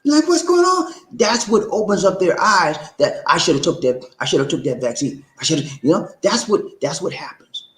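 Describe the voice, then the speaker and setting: Animated man hosting a livestream. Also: fairly quick, few pauses, roomy sound, low-quality recording. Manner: animated, swings up high when excited, says "man" and "okay?". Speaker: livestream host. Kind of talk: casual livestream talk.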